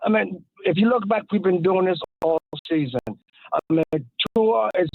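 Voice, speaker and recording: A man calling in to a sports radio show, measured and matter-of-fact. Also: high-pitched, vocal fry, no room sound. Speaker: caller. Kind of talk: radio call-in. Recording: phone line.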